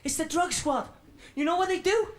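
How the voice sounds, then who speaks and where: There's slight background noise behind a very high-pitched male voice speaking at normal speed. It belongs to an actor portraying a defiant, edgy Welsh comic in his twenties who performs a swaggering stand-up routine for a radio drama.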